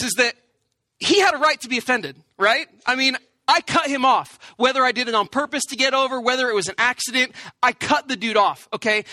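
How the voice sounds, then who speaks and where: Male pastor, high bright voice, self-deprecating humorous storyteller, dry close sound. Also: no echo. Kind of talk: storytelling sermon.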